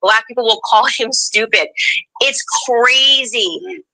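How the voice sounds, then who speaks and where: A woman political commentator answering interview questions in an emphatic, lively way. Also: a little high, slow, background noise. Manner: emphatic, mimics voices in quotes. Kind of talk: interview answer, played clip.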